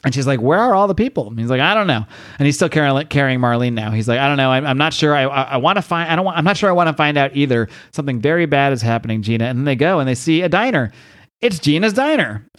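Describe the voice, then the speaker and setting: A man hosting a comics podcast, casually recapping a story and acting out the dialogue in raised, excited voices. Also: fast, dry recording, clean studio sound. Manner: acts out dialogue with high-pitched voices, swears casually. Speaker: podcast host.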